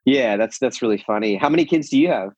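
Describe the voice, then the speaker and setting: A man's voice: medium pitch, animated, fast talker, darkish tone, slightly rough, no echo, muffled recording. A man in his forties with a Californian American accent, a guest musician rambling through a casual interview with many restarts. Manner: rambling, many restarts and fillers, laughs often.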